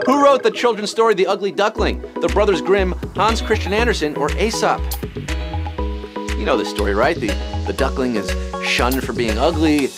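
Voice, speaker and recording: High-pitched guy hosting a live quiz, jokey and punny, faint music under him. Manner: punning, jokey, bouncy delivery with sudden silly voices. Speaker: quiz show host. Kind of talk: live trivia game hosting.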